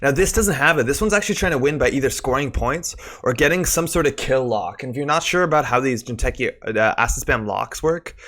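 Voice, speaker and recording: Chatty streamer, a bit out of breath. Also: male voice, mid-range voice, expressive, a little fast, hardly any pauses, a bit bright. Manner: chatty, greets viewers by name. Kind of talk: live-stream chat about a card game. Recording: faint music behind.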